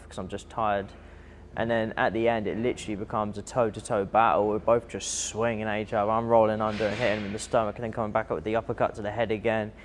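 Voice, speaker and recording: Young boxer with a low voice, recounting a fight. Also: male voice. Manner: vivid, animated retelling with breathy asides. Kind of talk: documentary interview recounting a fight.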